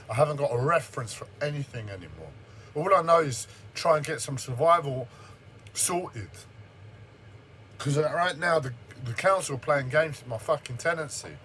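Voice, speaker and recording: A man's voice: medium pitch, a bit bright, a little hiss or hum, low-quality recording. A man in a shaken, agitated livestream rant who swears heavily and sounds like he is in shock. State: shaken, says he speaks like he is in shock. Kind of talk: angry personal rant. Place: standing in front of a camera.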